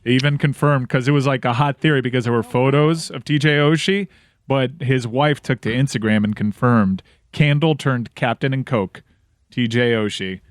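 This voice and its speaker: A man co-hosting a sports podcast in casual banter, retelling stories with animated detail on a studio mic. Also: mid-range voice, normal speed, no room sound. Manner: storytelling, animated retelling of news. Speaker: podcast co-host.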